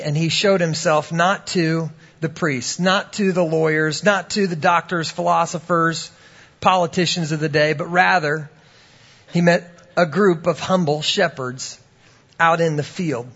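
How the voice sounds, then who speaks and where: Storytelling preacher, higher male voice. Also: fairly even intonation, unhurried, a bit bright, lo-fi sound. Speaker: pastor. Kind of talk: sermon.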